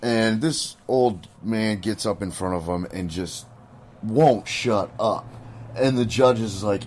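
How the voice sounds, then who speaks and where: A man's voice: on the low side, slow, darkish tone, a little hiss or hum. A man co-hosting a casual recovery podcast, laid-back and agreeable, trailing off with fillers. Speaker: podcast co-host. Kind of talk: casual chat.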